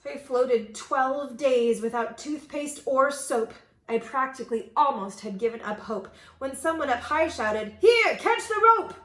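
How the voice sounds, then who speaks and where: A woman reading a rhyming picture book aloud with expressive, sing-song storytelling. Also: fairly high pitch, unhurried, hardly any pauses, roomy sound.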